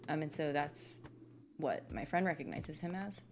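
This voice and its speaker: A woman's voice: low voice, lively intonation, normal speed, darkish tone, slight background noise. A young adult woman giving casual, rambling commentary while playing a game, often laughing at herself. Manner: giggly, rambling, self-deprecating. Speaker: gaming streamer.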